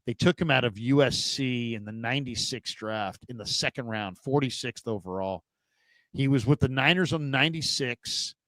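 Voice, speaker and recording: Storytelling sports talk host, dry close mic. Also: male voice, moderate pace, a bit bright, no room sound, rough recording. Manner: rambling anecdotes, mimics players in a high goofy voice.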